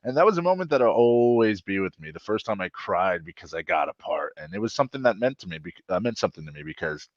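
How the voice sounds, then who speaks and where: A man with a fairly low voice that swings widely as he tells an animated story, acting out quotes and sounding choked up when moved. He is a guest in a casual online interview. The sound is dry and close. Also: quick pace, hardly any pauses, no echo, dull audio. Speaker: actor guest. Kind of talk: casual video-call interview.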